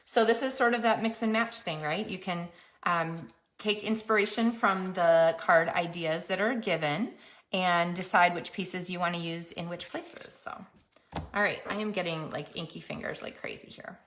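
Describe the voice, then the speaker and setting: A woman's voice: lowish voice, measured pace, fairly bright tone. A woman demonstrating card making, chatting casually as she works. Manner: chatty, self-narrating while working. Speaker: papercraft demonstrator. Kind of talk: crafting tutorial narration.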